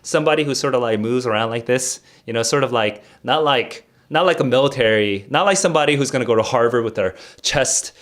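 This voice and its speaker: A young man on a casual livestream, talking through vocabulary with his chat. He rambles, leans on fillers, and restarts his sentences, at an ordinary mid pitch for a man. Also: brisk, hardly any pauses, fairly bright tone. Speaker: streamer and test tutor.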